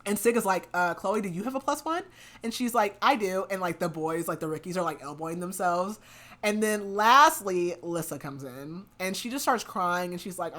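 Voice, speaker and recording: A chatty woman podcast host, her voice on the low side and her pace moderate, gives a casual recap of a romance novel. Her retelling is animated, packed with "like," and she half-acts the quotes.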